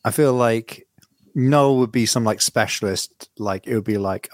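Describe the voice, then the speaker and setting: A low-pitched man in casual podcast chat, joking and hopping between topics. The sound is dry and close, with no room behind him. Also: measured pace, dry recording. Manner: chatty, jokey, jumps between topics. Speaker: podcast co-host.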